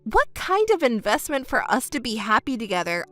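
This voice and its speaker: A woman reading as a betrayed wife in a texting story, scornful, sharp and mocking. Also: a little high, very animated, normal speed, few pauses, soft background music. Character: betrayed wife, adult woman, cold and cutting.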